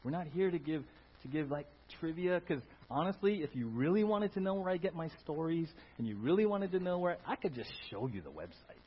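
A man preaches to his congregation, his husky voice swinging up and down as he rises into loud, emphatic bursts. He keeps asking the room questions and waiting for them to agree. The recording is dull and lo-fi. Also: a little high, animated, a little fast. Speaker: pastor. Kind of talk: sermon. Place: church. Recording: dull lo-fi sound.

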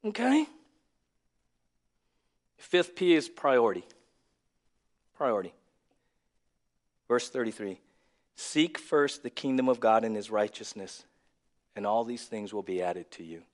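A male pastor preaching a sermon, dropping to a near whisper and then rising to loud, emphatic lines. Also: medium pitch, expressive, a little slow, pauses often. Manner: swings from hushed to loud and emphatic.

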